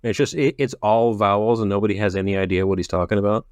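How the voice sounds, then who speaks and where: Laid-back man with a lower voice. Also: fast, clear, resonant tone, no echo, studio quality. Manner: relaxed, laughs easily, uses 'like' often. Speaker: podcast co-host. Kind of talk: casual book-discussion chat.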